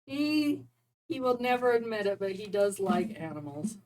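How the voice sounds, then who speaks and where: A woman's voice: mid-range voice, sing-song, moderate pace, darkish tone, poor audio. A woman chatting casually and rambling, often breaking into laughter. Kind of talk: casual chat about neighborhood cats.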